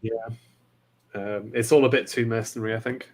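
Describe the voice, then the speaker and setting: A male guest on a casual political podcast, with a mid-pitched, everyday voice. He talks thoughtfully and hesitantly, circling back and restarting his sentences as he weighs each point. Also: fairly even intonation, brisk.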